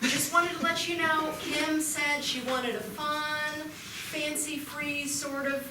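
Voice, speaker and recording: Woman playing a rambling estate manager, giggly, high, noisy live stage sound from afar. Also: little pitch movement, takes it slowly, very echoey, distant mic. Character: chatty woman estate manager hosting a funeral. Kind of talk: live improv comedy.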